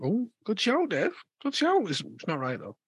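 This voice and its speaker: Casting: chatty male podcast host, husky and highish, dry close mic. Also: wildly swooping pitch, normal speed, no echo. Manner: playful quizmaster, repeats answers. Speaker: quiz host. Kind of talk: casual podcast chat.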